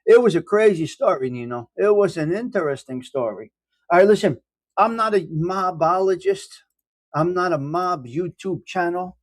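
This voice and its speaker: A man's voice: high-pitched, animated, normal speed. A man hosting a casual live-stream coffee chat, rambling and self-deprecating as he greets viewers by name. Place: indoors at home.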